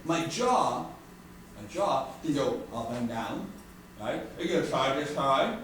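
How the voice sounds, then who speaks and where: A man teaching an art class to students, joking and animated, who keeps checking in with "right?". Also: mid-range voice, slow pace. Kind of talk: classroom lecture. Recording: echoey room from far off with faint noise.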